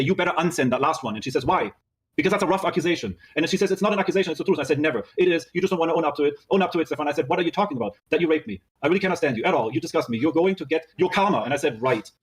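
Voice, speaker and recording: A man rapidly reading out a string of text messages and recounting an argument, swearing as he goes. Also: a little high. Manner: rapid reading aloud, swearing, narrating "she says, I said". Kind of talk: fast recounting of a dispute.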